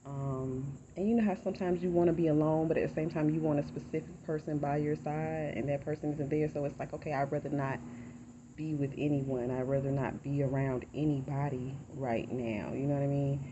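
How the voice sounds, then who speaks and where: A woman's voice: sits low, steady tone, brisk. A woman talking candidly in a personal vlog, rambling and heartfelt. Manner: rambling, heartfelt, soft-spoken. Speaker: vlogger. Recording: dull lo-fi audio with loud insect noise.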